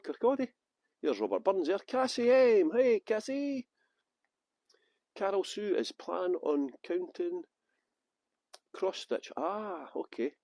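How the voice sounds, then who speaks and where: A man's voice: high-pitched, a little mellow, dry recording. Chatty man guiding a live tour. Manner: chatty, jokey, greets viewers by name. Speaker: tour guide. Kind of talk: live-streamed walking tour. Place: outdoors at a historic cottage.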